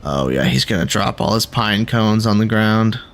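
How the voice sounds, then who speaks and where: A man's voice: fairly low pitch, expressive, moderate pace, slight background noise. A man casually commenting on his own gameplay as he plays, thinking aloud and reacting with sudden exclamations. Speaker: gaming video creator.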